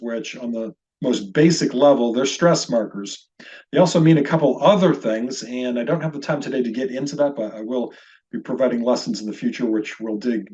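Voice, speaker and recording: A man of middling pitch leads a recorded lesson with patient, methodical explanations. He keeps inviting his listeners to read along and repeat after him. The audio sounds a little dull and lo-fi. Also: darkish tone. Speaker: Hebrew teacher.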